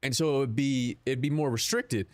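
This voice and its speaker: A man's voice: mid-range voice, moderate pace, no room sound. A young man streaming live, chatting casually with his viewers in a rambling, profane, joking way. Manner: rambling, profane, jokey, answers chat.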